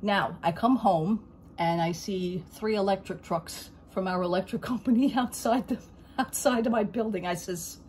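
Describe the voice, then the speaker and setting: A woman talking at home in a casual haul vlog, a rambling storyteller who keeps saying "I says" and turns loud and indignant over a grievance. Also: medium pitch, normal speed, a little hiss or hum. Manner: gets loud and indignant when telling a grievance. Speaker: vlogger.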